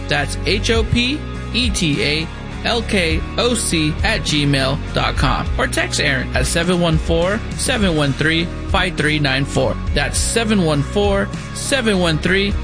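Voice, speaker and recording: A male announcer reads a scripted outro and spells out contact details clearly. His voice is high and very animated. Guitar music plays clearly under him.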